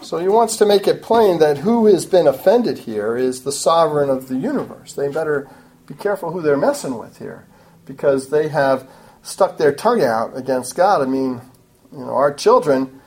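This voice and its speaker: Animated, mellow-voiced woman preaching. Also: deep voice, moderate pace, low-quality recording. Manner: emphatic, animated preaching with frequent asides. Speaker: Bible teacher. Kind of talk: expository sermon.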